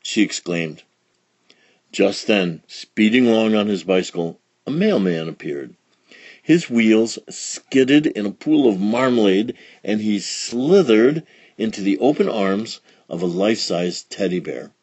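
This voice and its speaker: A man reading a children's storybook aloud with expressive, dramatic storytelling. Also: fairly low pitch, a little slow, breathy edge, no room sound. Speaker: storybook reader. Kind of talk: children's read-along narration.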